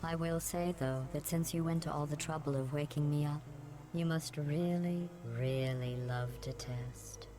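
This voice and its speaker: A woman voicing a cold, sarcastic female computer AI with a robotic filter, speaking slowly and mockingly in a flat tone, heard as noisy game audio. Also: low voice. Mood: menacing. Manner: slow, flat, mocking delivery.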